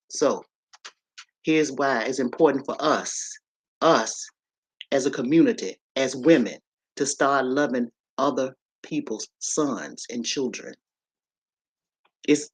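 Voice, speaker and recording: A woman's voice: deep voice, darkish tone. A woman hosting a casual livestream, telling a story and preaching to her viewers, with in her speech. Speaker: livestream host. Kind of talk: casual live-stream monologue.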